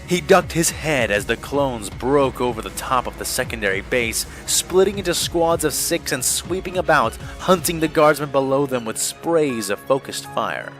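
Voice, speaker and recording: A man narrating an audiobook with a bright, forceful tone and mid-range pitch. His storytelling is steady and dramatic, with faint music playing underneath. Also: poor audio.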